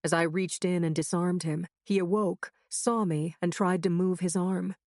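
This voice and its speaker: A woman's voice: lowish voice, steady tone, moderate pace, darkish tone, dry recording, studio quality. A woman narrating a crime thriller audiobook in the first person with a tense, urgent reading.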